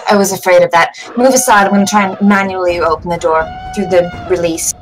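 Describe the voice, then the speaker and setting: A woman's voice: fairly low pitch, fairly even intonation, fast talker, low-quality recording. Woman, tabletop player, eager, laughs a lot, background music. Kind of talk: tabletop role-play.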